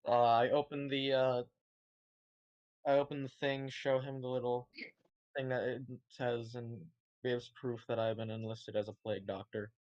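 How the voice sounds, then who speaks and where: A man's voice: medium pitch, flat delivery, normal speed, darkish tone, dull audio. A man playing a tabletop game, stating his actions in a blunt, matter-of-fact way. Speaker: player. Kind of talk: tabletop play.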